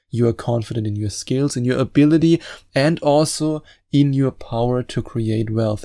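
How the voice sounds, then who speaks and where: Male motivational podcast host, earnest and persuasive, gravelly with a dry close-mic sound. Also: medium pitch, mellow, dry recording. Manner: earnest, emphatic, persuasive delivery. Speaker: podcast host and manifestation coach.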